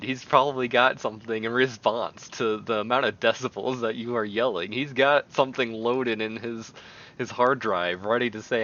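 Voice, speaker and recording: A man streaming casual commentary while browsing online, rambling excitably and swinging between mumbles and loud bursts. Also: mid-range voice, moderate pace, dull audio. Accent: American. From American.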